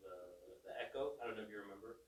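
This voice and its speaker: A man's voice: on the low side, racing, slight background noise. Young man telling stories in an echoey room. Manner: animated storyteller retelling comedy scenes. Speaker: podcast host. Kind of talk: casual podcast chat. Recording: roomy room, distant mic.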